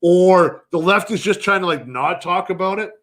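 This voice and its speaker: A man's voice: high voice, normal speed, a bit bright. A man co-hosting a podcast in casual chat, swearing often and rambling through jokes. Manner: profane, rambling, joking. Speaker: podcast co-host.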